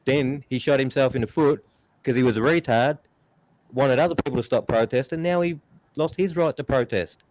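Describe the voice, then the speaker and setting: A man's voice: medium pitch, normal speed, a little mellow, slight background noise. A man, ranting bluntly and profanely in a casual stream chat. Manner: mocks others in raised put-on voices.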